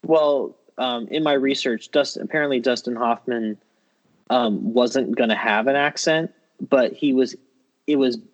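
A man chatting casually about a film, relaxed and a little hesitant. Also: medium pitch, unhurried, low-quality recording.

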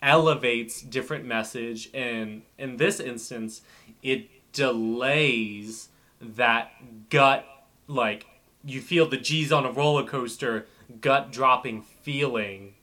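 A man's voice: mid-range voice, takes it slowly, bright, forceful tone. A man co-hosting a casual chat, talking in an earnest, analytical way and swearing now and then.

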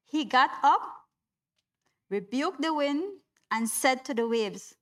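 A woman preaches to her congregation in a high, unhurried voice. She talks casually, often laughs, and turns to people in the pews by name. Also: lively intonation, fairly bright tone. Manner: chatty, laughs often, calls on listeners by name. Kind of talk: informal sermon to a congregation.

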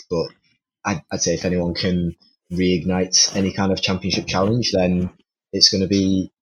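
A man on a casual sports podcast panel, giving measured, hedging opinions and repeating himself as he thinks. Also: sits low, a bit bright, breathy edge, rough recording. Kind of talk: casual chat.

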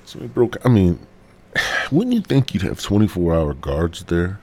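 A man's voice: low-pitched, sing-song, normal speed, a little mellow, slight background noise. A man hosting a podcast solo, rambling and cursing in a casual, stoned rant while a bit sick. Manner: rambling, profane, sighing. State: sick with a cold. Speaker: podcast host.

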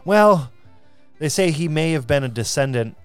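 A man co-hosting a podcast, casually retelling history, relaxed and quick to joke. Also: fairly high pitch, clean tone, faint music behind. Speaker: podcast co-host.

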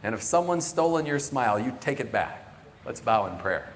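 A man's voice: mid-range voice, very animated, normal speed, a little hiss or hum. A man preaching a sermon from the pulpit, earnest, his delivery swelling and falling. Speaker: pastor. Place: church sanctuary. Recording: long reverb of a large church.

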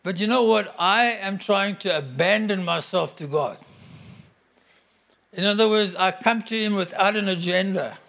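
A middle-aged man preaching a sermon to a congregation, emphatic and animated. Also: high voice, moderate pace, creaky. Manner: animated, emphatic, bursts into acted-out quotes.

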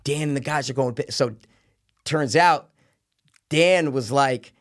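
A young man telling a story in casual chat, swearing freely and acting out the shouted lines at a raised volume. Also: medium pitch, measured pace, dry recording, clean studio sound. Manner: profane, acts out quotes loudly with a raised voice.

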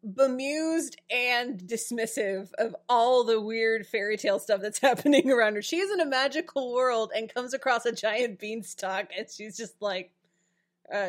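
A woman's voice: fairly high pitch, a little slow. Playful woman joking about a show. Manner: playful and joking, laughs often. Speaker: podcast co-host. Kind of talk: casual chat recapping a TV show.

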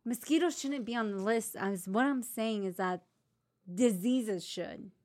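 A woman's voice: fairly high pitch, a little slow, darkish tone, dry recording. A young woman co-hosting a podcast in casual chat, playful and argumentative. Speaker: podcast co-host.

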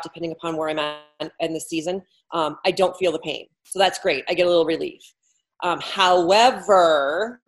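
A woman in her fifties speaks in a fairly low voice. She talks candidly and bluntly as an interview guest. She often mocks herself and jokes as she speaks. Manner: blunt, joking, self-mocking. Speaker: podcast guest, former Olympic swimmer. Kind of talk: candid casual interview talk.

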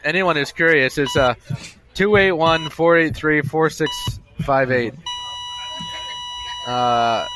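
A man's voice: fairly high pitch, takes it slowly, pauses often, noisy background. A man hosting a casual podcast, rambling and amusing himself while he tells a long story on his own. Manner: chatty, self-amused, repetitive storytelling. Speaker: podcast host. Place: bar.

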